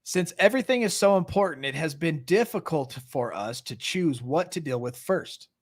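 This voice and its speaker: A middle-aged man hosts a recovery live stream in a casual, earnest way, reading a passage aloud and then explaining it in plain words. His voice sits a little high for a man. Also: animated, moderate pace.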